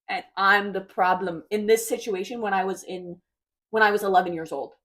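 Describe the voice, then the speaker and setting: A woman's voice: mid-range voice, fairly even intonation, fairly quick, a bit bright. A woman in her twenties talking casually to her viewers, rambling and hesitant, often trailing off with "I don't know.". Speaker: vlogger. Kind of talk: casual confessional chat.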